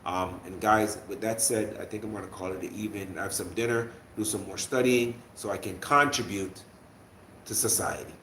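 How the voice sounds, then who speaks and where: A man's voice: fairly low pitch, steady tone, moderate pace, a bit bright, a little hiss or hum. Rambling young man on a livestream, echoey room. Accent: Jamaican, usually toned down to an American accent. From Jamaica. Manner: rambling, with many restarts and fillers. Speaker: livestream host. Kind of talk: casual livestream chat to viewers.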